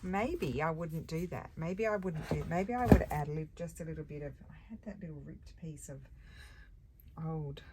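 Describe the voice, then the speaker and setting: A woman's voice: sits low, normal speed. A woman musing and thinking aloud as she narrates a casual crafting session at her table, correcting herself as she goes. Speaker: crafting vlogger. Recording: clear background noise with crafting clicks.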